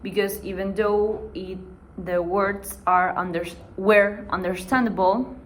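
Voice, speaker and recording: A woman's voice: mid-range voice, steady tone, measured pace, slight background noise, low-quality recording. A young woman student giving a class presentation for an assignment, hesitant and dotted with "eh" fillers.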